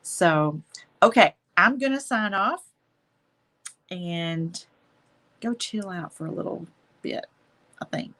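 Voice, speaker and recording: A woman's voice: on the low side, lively intonation, slow, pauses often. A woman hosting a live painting stream, chatting affectionately with viewers as she wraps up. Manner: warm, affectionate, chatty, says y'all. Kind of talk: casual live-stream chat.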